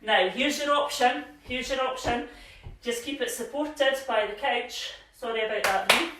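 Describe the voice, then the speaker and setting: A woman fitness instructor guides a live home workout with a slightly high, encouraging voice. She is chatty and a little out of breath from moving along with the class. Her voice reaches the camera from across a bare room, with a strong echo around it. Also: moderate pace, fairly bright tone, slight background noise. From Scotland. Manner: encouraging, chatty, cues movements with frequent "yeah?". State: slightly out of breath while exercising. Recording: very echoey room, voice from a distance.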